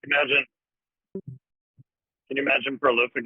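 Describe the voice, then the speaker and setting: A man teasing his friends with quick quips in a casual group voice chat. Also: mid-range voice, husky, dry recording. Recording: phone-like voice chat audio.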